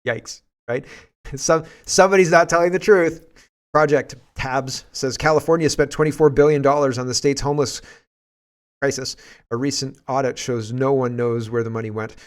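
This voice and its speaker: A man's voice: mid-range voice, fairly even intonation, moderate pace. A Canadian man hosting casual political commentary, rambling and sarcastic and often laughing.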